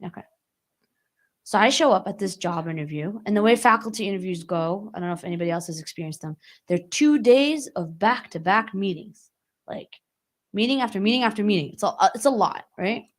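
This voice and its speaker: A young woman tells a personal story to a room of listeners. She speaks conversationally and keeps turning to the audience with quick questions to bring them along. Her voice sits in an ordinary middle pitch. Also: animated. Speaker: guest speaker. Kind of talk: storytelling talk to a live audience. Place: community hall.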